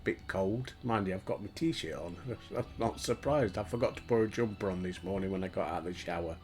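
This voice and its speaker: A man's voice: low-pitched, a little fast, a little mellow. An older Yorkshire man chatting casually and swearing as he plays a game at home. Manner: chatty, swears and laughs often. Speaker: gaming streamer. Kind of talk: casual gaming commentary. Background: faint game music.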